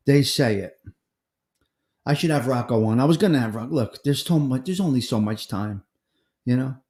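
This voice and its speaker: Hosting a casual live-stream chat, a middle-aged man from the United States greets viewers by name and wanders from one topic to the next. His medium-pitched voice has a darkish tone and sounds reverberant.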